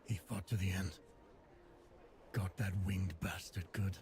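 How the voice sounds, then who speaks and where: A raspy, battle-worn soldier speaks in a low, clipped way. His lines come out blunt and gruff. A faint noise sits under the game audio. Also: steady tone, a little slow, darkish tone. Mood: grim.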